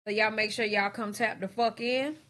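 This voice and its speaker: A woman's voice: medium pitch, steady tone, normal speed, fairly bright tone. A woman hosting a reaction stream, giving blunt, profane, casual commentary to her viewers.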